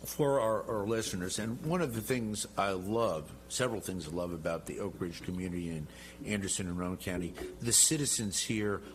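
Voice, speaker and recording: A middle-aged man speaks in a somewhat low voice, emphatic and jovial, plainly proud of his own standing. He is a guest on a studio interview show. A faint electrical hum sits under the recording. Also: brisk. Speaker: congressman, guest. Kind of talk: interview talk.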